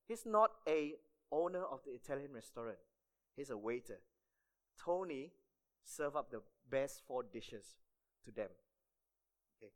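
A man preaching a sermon to fellow church volunteers, telling a story and often checking in with "okay?". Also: mid-range voice. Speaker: church staff member preaching.

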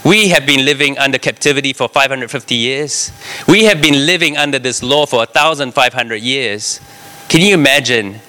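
A man preaching a sermon, reading scripture and explaining it, often asking the congregation "right?". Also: medium pitch. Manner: animated, talks to the congregation with frequent "right?".

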